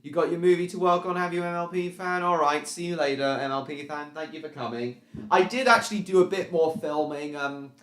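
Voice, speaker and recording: Halting man streaming in an echoey room. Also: fairly high pitch. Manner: repetitive, halting, restarts phrases, many ums. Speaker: live stream host. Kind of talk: casual live stream chat, reading out viewer comments. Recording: roomy echo.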